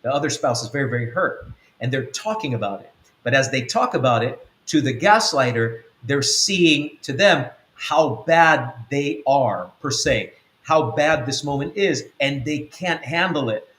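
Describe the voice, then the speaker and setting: A man teaches in an earnest, repetitive way, driving each point home and slipping into quoted voices. His voice sits at an ordinary mid pitch. The room adds a noticeable echo. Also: animated, unhurried, fairly bright tone. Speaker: apostle. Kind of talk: spiritual teaching talk.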